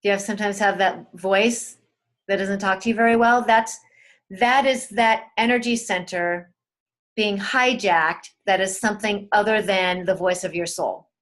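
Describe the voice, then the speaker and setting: A woman teaching a spiritual webinar in a gentle, soothing way, talking straight to her listeners and repeating key words. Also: mid-range voice, fairly even intonation, moderate pace.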